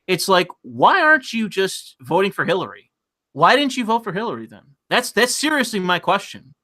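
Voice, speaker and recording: A man's voice: high-pitched, sing-song, a little fast, bright, forceful tone. A man hosting a casual online political chat, talking in a loose, profane, ranting way and often repeating words as he goes. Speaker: host.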